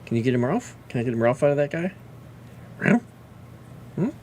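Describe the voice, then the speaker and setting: A man's voice: medium pitch, very animated, brisk, a little mellow, slight background noise. A man chatting casually on a livestream, talking fondly to his pet and his viewers. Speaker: livestreamer and fantasy lore writer.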